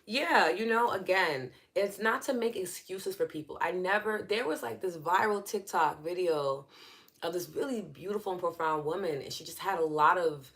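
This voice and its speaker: A woman with a New York accent leads a live online session, her voice sitting notably low. She explains in an earnest, conversational way and responds to her viewers' comments as she goes. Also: normal speed, a bit bright. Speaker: EFT session host.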